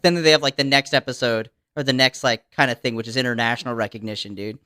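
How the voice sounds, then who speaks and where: A man's voice: on the high side, a little fast, few pauses, pushed and bright, no echo, clean studio sound. A man co-hosting a podcast, telling rambling, profane comic stories with plenty of laughs. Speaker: podcast co-host. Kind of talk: casual comedic chat.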